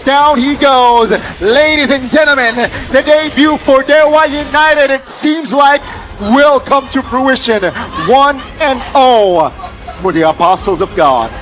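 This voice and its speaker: A man's voice: extremely high pitch, fairly even intonation, a bit bright, faint music behind. A man doing play-by-play esports commentary, calling the action with dramatic build-ups. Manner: rapid hype calls, dramatic build-ups.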